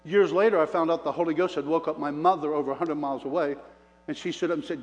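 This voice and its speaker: A man preaching his testimony as an animated storyteller, folksy and plain-spoken, calling out to the congregation. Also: on the high side, normal speed, pauses often, slight background noise. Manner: animated storyteller with preacher call-outs to the crowd; folksy self-described redneck talk. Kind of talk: sermon testimony. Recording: long reverb of a large hall.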